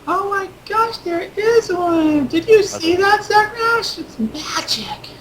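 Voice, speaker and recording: A man voicing a crowd of excited little kids, mostly a small girl, squealing with breathless excitement. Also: slow, heavily acted. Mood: thrilled. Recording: noisy recording with rumble.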